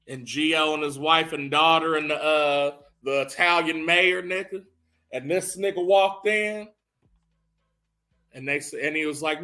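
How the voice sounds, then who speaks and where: A man recaps a movie as casual comedy, animated and profane with rising bursts. His pitch is fairly high.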